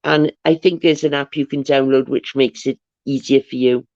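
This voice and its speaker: A woman's voice: extremely low pitch, fairly even intonation, moderate pace, darkish tone, no room sound. Chatty woman, dull dry audio. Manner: rambling, chatty, restarts and stumbles. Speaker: livestream host. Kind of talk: casual chat, reading viewer comments aloud.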